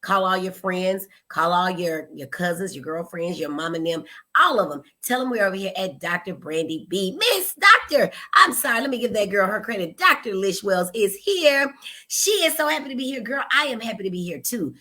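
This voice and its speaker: A woman's voice: mid-range voice, expressive, a little fast, sharp tone. A woman hosting a casual live stream, chatty and playful, greeting viewers by name and calling them y'all and honey. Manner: greets viewers by name, teasing, laughs at herself. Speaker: host, psychiatrist and pediatrician.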